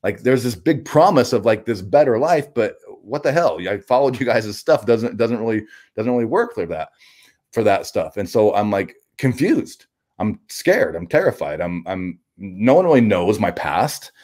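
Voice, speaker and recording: Lowish-voiced man, halting and raw. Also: expressive, a little mellow. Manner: halting, with frequent restarts and repeated words; blunt and profane. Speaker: guest. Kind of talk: personal storytelling in an interview.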